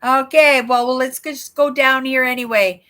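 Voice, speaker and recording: An older Canadian woman's voice sits high with a sharp tone, fairly even intonation and normal speed. Hosting a casual livestream, she reads viewer comments aloud and chats in a rambling way, frequently adding "right?"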